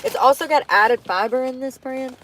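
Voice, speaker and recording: A young woman vlogger with a high-pitched, slightly bright voice chats casually at normal speed while eating in her parked car. She is laid-back and laughs often, and there's slight background noise.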